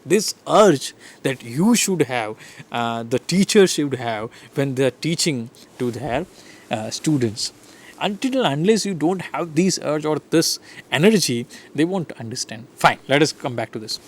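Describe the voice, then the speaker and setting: A man's voice: a little high, a little slow. A man with an Indian English accent giving a classroom lecture on English intonation, demonstrating rhythms and often checking in with listeners. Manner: animated, demonstrates rhythm and intonation with repeated examples; asks listeners frequent "right?" checks. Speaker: English teacher.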